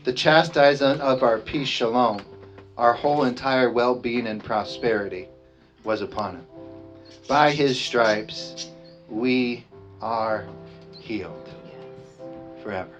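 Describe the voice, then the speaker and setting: A man preaching a communion sermon, reading scripture with emphasis and slowing down on the weighty phrases. He has the congregation repeat lines after him. The recording sounds dull and lo-fi, with music playing clearly underneath. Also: mid-range voice. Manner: emphatic, slows down on key phrases. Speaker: pastor.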